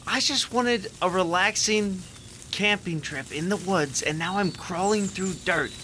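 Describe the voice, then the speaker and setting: A man complains in a bright, high voice during a comic skit. His delivery is whiny and fed-up. Faint hiss sits in the background. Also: a little slow. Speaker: podcast co-host.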